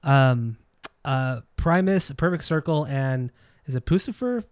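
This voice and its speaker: A man's voice: mid-range voice, slow, darkish tone, smooth, no echo, studio quality. A man co-hosting a casual music podcast, talking in a blunt, opinionated way and swearing freely. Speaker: podcast co-host. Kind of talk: casual chat about music and records.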